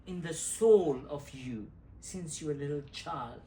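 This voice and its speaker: An interviewer asking gentle, probing questions about the guest's life. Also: medium pitch, a little slow.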